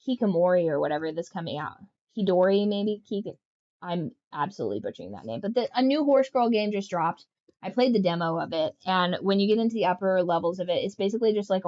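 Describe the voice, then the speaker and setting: A woman's voice: mid-range voice, dark tone, dull audio. A woman game streamer chatting casually, telling rambling, joking stories with lots of fillers. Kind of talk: casual livestream chat.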